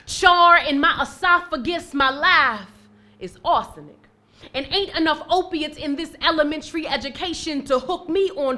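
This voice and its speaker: A young woman from Maryland with an American accent, performing spoken word poetry with rhythmic, emphatic recitation and soft, hesitant spoken introductions at an indoor live event. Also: high voice. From Maryland, USA. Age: young adult. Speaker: poet.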